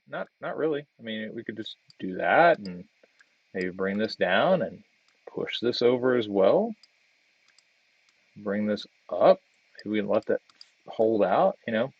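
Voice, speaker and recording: A man's voice: mid-range voice, dry recording, muffled recording. A man giving casual design feedback on a student project while working on screen, thinking aloud with lots of fillers and restarts. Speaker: design instructor. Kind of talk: screen-share design critique.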